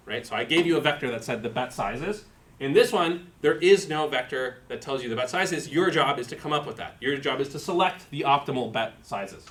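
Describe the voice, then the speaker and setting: A man's voice: medium pitch, a bit bright. A man giving a university lecture, explaining terms step by step and thinking aloud with fillers. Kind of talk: live-coded lecture.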